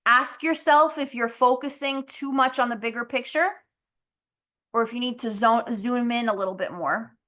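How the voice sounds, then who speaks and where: A woman's voice: on the high side, steady tone, normal speed, pushed and bright. A woman hosting a casual motivational podcast, talking candidly with lots of "like" and "you know" and the odd swear, her voice a little strained as she loses it. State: losing her voice, clearing throat. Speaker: podcast host.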